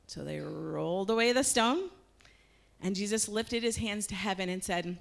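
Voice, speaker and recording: A woman retelling a Bible story in a lively, conversational way during a church service. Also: medium pitch, normal speed, gravelly.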